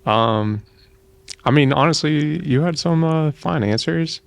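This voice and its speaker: A man in his thirties, a contestant on a dating show, talking in a relaxed, hesitant way. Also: on the high side, takes it slowly, gravelly, no room sound. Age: 30s. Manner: relaxed, hesitant, lots of fillers. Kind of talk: casual chat.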